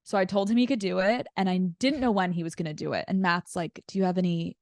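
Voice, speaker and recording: A woman's voice: lowish voice, steady tone, fast talker, dry recording, studio quality. A woman guesting on a podcast, telling a personal story in casual chat, filling her talk with "like". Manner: chatty storyteller with frequent "like" fillers.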